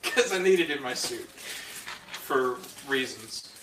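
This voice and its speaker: A man playing a tabletop game with a wry, joking way of talking. He sounds far from the mic in a roomy space. Clear noise runs behind him. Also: medium pitch, lively intonation, takes it slowly. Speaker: player. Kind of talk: tabletop role-play chat. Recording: distant, roomy, noisy.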